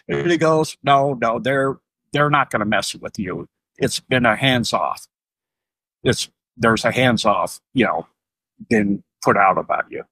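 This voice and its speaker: A man's voice: mid-range voice, a little slow, vocal fry, breathy edge, no echo. A middle-aged man, a retired Navy submariner, telling stories as a podcast guest, acting out dialogue and chuckling often. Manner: animated, acts out dialogue in raised voices, chuckles often. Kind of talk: casual storytelling interview.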